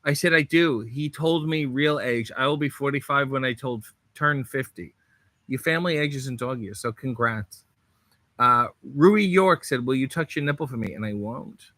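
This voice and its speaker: A man hosting a livestream in a hotel room, reading out viewer comments in casual chat with sardonic, deadpan asides. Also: medium pitch, normal speed, no room sound. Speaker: livestream host.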